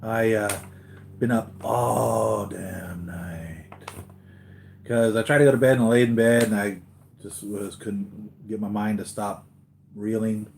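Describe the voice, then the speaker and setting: A man's voice: on the low side, little pitch movement, normal speed, darkish tone, a little hiss or hum. A man hosting a live collectibles stream, chatting casually with viewers, tired after a sleepless night and rambling with many restarts.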